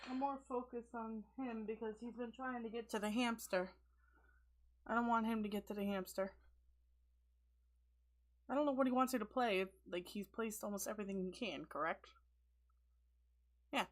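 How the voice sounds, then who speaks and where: A woman hosts a casual livestream at normal speed with long pauses, chatting and giggling often. She coos at her pets in a high baby voice.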